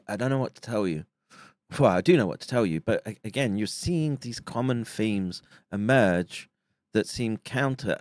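A man delivering a monologue commentary, halting and restarting with frequent fillers. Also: lowish voice, no room sound.

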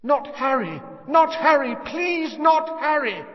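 A man voicing a terrified young mother who pleads and screams in a high, desperate voice. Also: lively intonation, slow, in a large hall, heavily acted. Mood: desperate pleading. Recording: dull lo-fi sound.

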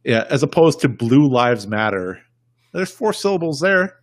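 A man's voice: mid-range voice, big pitch swings, a little slow, no echo, studio quality. A man talking politics in a casual podcast chat, rambling and emphatic, often repeating himself. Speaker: podcast guest.

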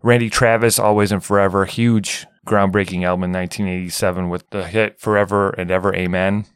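A man's voice: low-pitched, level tone, brisk, clean tone, dry recording, studio quality. A man hosting a podcast in casual, upbeat chat, rambling through his recollections. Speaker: podcast host.

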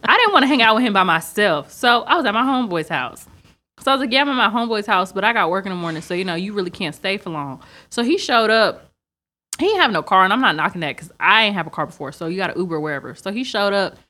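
Animated young woman telling a story. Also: mid-range voice, fast. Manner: animated, acts out quoted dialogue. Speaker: podcast co-host. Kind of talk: casual storytelling chat.

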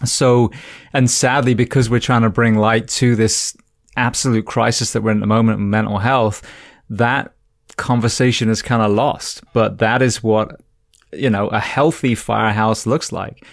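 Earnest, low-voiced male podcast host. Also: fairly even intonation, normal speed, vocal fry, no room sound, studio quality. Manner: earnest and reflective, speaks in long winding sentences. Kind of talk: conversational interview.

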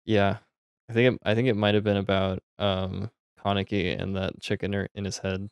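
A young man bantering on a podcast, quick to laugh and poke fun at himself. His low voice has a gravelly edge but stays smooth. The sound is dry and close. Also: flat delivery, no room sound. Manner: laughing, self-mocking banter. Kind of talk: casual chat.

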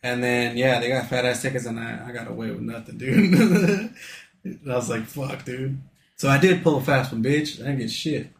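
A relaxed man with a mid-range voice spins a story among friends, slangy and swearing freely, laughing as he talks. The sound is roomy, with a clear echo. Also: mid-range voice, moderate pace. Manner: laid-back, slangy, profane, laughing while telling a story. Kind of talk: casual chat.

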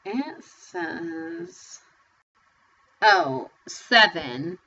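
A woman co-hosting a casual book-chat podcast, chatty and quick to laugh. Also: on the low side, muffled recording. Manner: chatty, laughs often, animated. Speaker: podcast co-host.

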